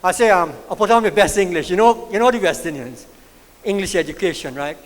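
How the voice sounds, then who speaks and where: A middle-aged man from Guyana with a Guyanese accent, doing animated stand-up storytelling with Creole-tinged grammar on a comedy club stage. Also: high voice, brisk. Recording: long hall reverb, live archive recording.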